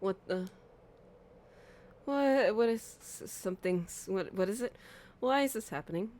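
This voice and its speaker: A young woman with a mid-range, darkish voice and lively intonation streams a horror game at an unhurried pace. Her let's-play commentary is casual and chatty, and she's easily startled, laughing and shrieking at the scares.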